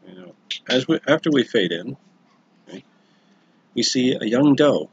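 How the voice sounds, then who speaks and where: A man's voice: medium pitch, expressive, measured pace, long pauses, slightly rough, muffled recording. A man casually telling an improvised story on a livestream, rambling and self-correcting, with chatty asides to viewers.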